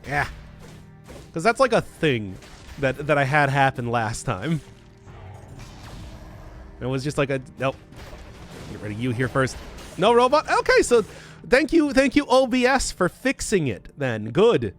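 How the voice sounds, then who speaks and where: A man's voice: on the high side, wildly swooping pitch, soft background music. A man with a Midwestern accent doing live game commentary, rambling and restarting his sentences as he chats with viewers. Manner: rambling, self-interrupting, quick to laugh. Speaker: game streamer. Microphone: desk mic through a mixer.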